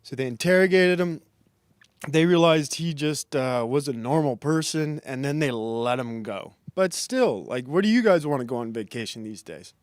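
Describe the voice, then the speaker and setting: A man's voice: mid-range voice, animated, moderate pace, no room sound, studio quality. A young man rambling through a self-deprecating comedic livestream monologue and reading the chat. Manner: rambling, self-deprecating, frequent restarts and laughs. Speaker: streamer and comedian.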